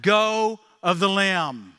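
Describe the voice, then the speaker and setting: A preacher voicing God as a slow, calm voice answering from heaven. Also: male voice, high-pitched, smooth, big-room sound, exaggerated voice. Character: calm divine voice from heaven, male.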